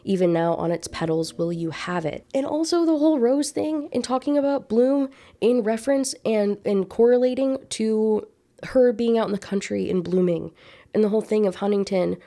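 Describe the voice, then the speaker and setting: Woman chatting about a book she loves, low gravelly voice, kinda dark and mellow, pops up high when quoting people. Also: normal speed. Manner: chatty, gushing, quotes characters in a higher voice. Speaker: book reviewer. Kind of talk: casual book recap with read-aloud passages.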